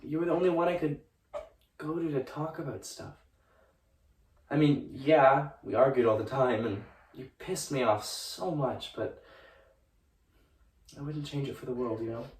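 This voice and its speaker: A man's voice: medium pitch, close to an everyday voice. A young man playing a grieving young ghost. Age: young adult. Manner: soft, pleading, halting. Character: young man's ghost, tender, grieving his sister. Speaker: student actor. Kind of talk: student musical theatre, spoken and sung. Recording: roomy stage sound from a distance, music behind.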